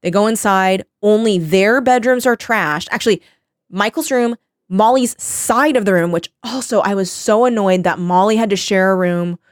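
A woman in her thirties co-hosts a book podcast, rattling through the plot with plenty of "like" and the odd curse. Her voice is smooth and clear, at an ordinary pitch, and the sound is very dry and close. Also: normal speed, no echo. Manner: rambling plot summary with quoted voices and swearing. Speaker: podcast co-host. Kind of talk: casual book recap chat.

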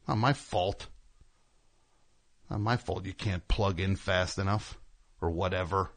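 A man's voice: low voice, measured pace, pauses often. A man hosting a show, telling a rambling, sarcastic, indignant story as a comedic rant. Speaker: host.

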